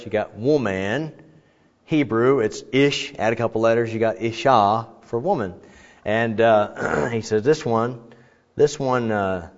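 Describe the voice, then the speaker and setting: Man, pastor, mid-pitch, easygoing joking sermon with lots of filler words; church hall with long echo, muffled sound. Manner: chatty and joking, frequent fillers. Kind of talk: conversational sermon. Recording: echoey hall, dull sound.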